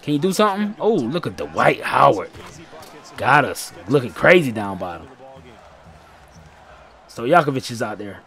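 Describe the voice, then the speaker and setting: A man giving casual, slangy play-by-play commentary over a basketball video game, excitable and heckling his own players. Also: medium pitch, normal speed, long pauses. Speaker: gaming channel host.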